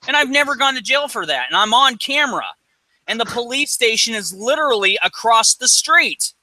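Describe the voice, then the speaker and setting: Brief: rambling, profane man, high voice, dry close sound. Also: normal speed, no room sound, rough recording. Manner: rambling, profane, animated storyteller. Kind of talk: casual chat storytelling.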